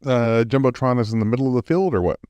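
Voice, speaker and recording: A man's voice: mid-range voice, fast talker, a little mellow, smooth, no room sound. A man co-hosting a podcast in casual chat, chiming in with short, curious questions. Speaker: podcast co-host.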